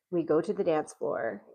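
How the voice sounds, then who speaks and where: A woman's voice: lowish voice, rough recording. A middle-aged woman casually telling a story, laughing often and acting out what people said. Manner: animated, laughs often, acts out quoted lines. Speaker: podcast host telling a dating story.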